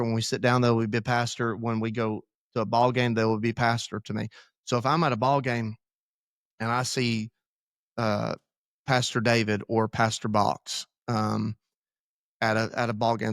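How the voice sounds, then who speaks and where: A man's voice: medium pitch, little pitch movement, normal speed, no echo. Pastor guy rambling on a church podcast, candid, pokes fun at himself, dry close sound. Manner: candid, rambling, self-deprecating. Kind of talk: casual podcast conversation.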